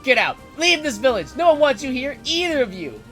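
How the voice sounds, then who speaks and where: A man reading aloud, voicing a brutish village bully boy who taunts and shouts. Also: very high-pitched, big pitch swings, fairly quick, soft background music, pitched above the performer's own voice, exaggerated voice. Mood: furious.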